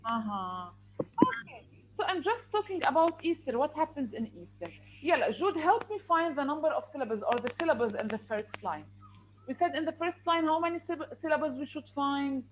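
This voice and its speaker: Woman teacher, high voice, patient and repetitive, faint background noise. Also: sing-song, rough recording. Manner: patient, repeats and counts aloud slowly. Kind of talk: classroom teaching.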